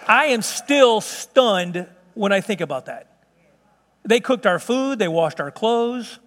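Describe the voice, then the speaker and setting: A man giving an animated sermon testimony, telling a story with laughs and exclamations. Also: high voice, takes it slowly. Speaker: preacher. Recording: hall reverb.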